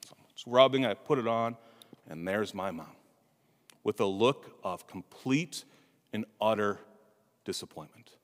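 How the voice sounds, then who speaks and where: A priest giving a homily, telling a humorous family story with asides to the congregation, in a church. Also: male voice, fairly low pitch, lively intonation, a little slow, pauses often. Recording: reverberant church hall.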